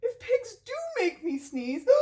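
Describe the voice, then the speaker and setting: A woman's voice: very high-pitched, huge pitch swings, takes it slowly, pitched above the performer's own voice, heavily acted. A woman voicing an anxious male elephant from a picture book, wailing and sneezing as she reads aloud. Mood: fretful, wailing. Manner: wailing, fretful, sneezing loudly.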